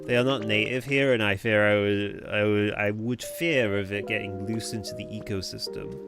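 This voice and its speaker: A man's voice: lowish voice, steady tone, moderate pace. A man casually commentating on a game he is streaming, joking, swearing and chatting with viewers, over background music. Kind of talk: casual let's-play commentary.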